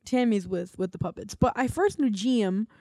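A woman's voice: mid-range voice, expressive, moderate pace, darkish tone, no room sound, studio quality. A woman co-hosting a podcast, chatting casually with lots of filler words and giggles. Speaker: podcast co-host. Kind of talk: casual chat.

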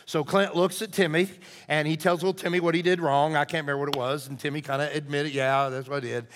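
Middle-aged pastor telling stories in a reverberant hall. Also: male voice, on the high side, fast, a little hiss or hum. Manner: conversational, animated storytelling that turns hushed and earnest. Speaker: lead pastor. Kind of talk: storytelling sermon.

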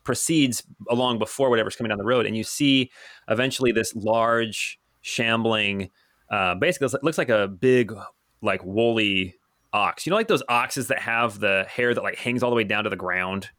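A man's voice: fairly low pitch, normal speed, a bit bright, no echo. Dry-sounding man running a tabletop game. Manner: rambling, self-correcting descriptions. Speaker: game master.

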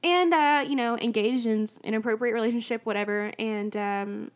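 A woman's voice: a little high, normal speed, clean tone. A young adult woman telling a personal faith story in a chatty, candid way, full of fillers and restarts. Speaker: speaker sharing a personal faith testimony.

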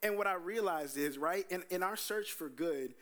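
A young adult man whose voice sits high preaches a sermon as pastor at a moderate pace. He tells his stories with animation, performing quotes and doing voices when quoting himself.

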